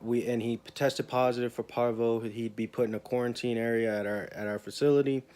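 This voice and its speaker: A man's voice: mid-range voice, steady tone, brisk, a little mellow. A young man talks in a rambling, emotional way in a casual personal vlog. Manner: rambling, emotional, repeats himself. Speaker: vlogger.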